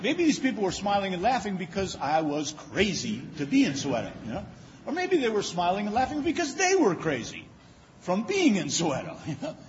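A man spins humorous stories from the podium, his pitch swinging up and down, and he often stammers and restarts a phrase. The recording is dull and lo-fi, and his voice rings with the long reverb of a big hall. A faint hiss sits underneath. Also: fairly quick. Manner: humorous, animated anecdotes with frequent stammered restarts. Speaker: speaker giving a lecture. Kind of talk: storytelling speech.

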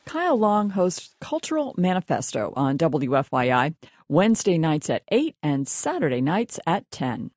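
Female radio presenter, crisp scripted delivery, animated pitch, dry. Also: normal speed, no echo. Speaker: radio host.

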